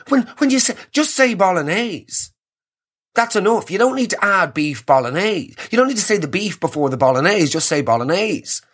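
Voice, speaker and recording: A man's voice: on the high side, a bit bright, husky. An Irish man hosting a comedy podcast, ranting sarcastically and riffing on listener messages. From Ireland. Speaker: podcast host. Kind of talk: comedic rant.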